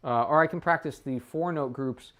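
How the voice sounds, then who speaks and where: A trumpet teacher talking a student through his practice session, thinking aloud and often checking in with a quick "right?". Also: fairly high pitch, fairly bright tone. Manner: thinks aloud with frequent restarts. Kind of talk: casual practice demonstration.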